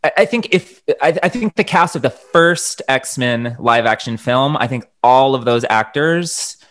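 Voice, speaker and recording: A man co-hosting a podcast in casual chat, expressive and playfully dramatic. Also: mid-range voice, a little slow. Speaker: podcast co-host.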